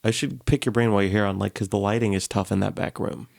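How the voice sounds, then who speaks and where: A man's voice: on the low side, steady tone, fast talker, vocal fry, darkish tone, no echo. A man hosting a casual studio chat, talking loosely with many fillers and frequent laughs. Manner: chatty, laughs often, lots of "like" fillers. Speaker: podcast host, musician.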